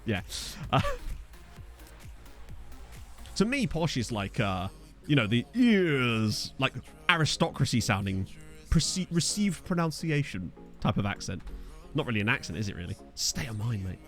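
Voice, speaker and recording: In an unhurried, medium-pitched voice that's a bit bright, this young Essex man swings hugely in pitch and leaves long pauses, with soft music playing. While streaming a football management game he chats casually in an Essex accent, reading his chat aloud with jokey asides.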